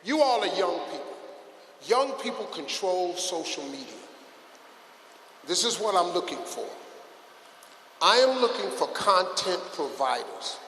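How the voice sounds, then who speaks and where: An older man delivers a comedic motivational speech to a crowd, his voice high and bright. He acts out quotes and swings between shouts and hushed asides. The sound is roomy, with a long hall reverb. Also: sing-song, a little slow, pauses often, slight background noise. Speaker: guest speaker at a youth event. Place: large hall with a live audience.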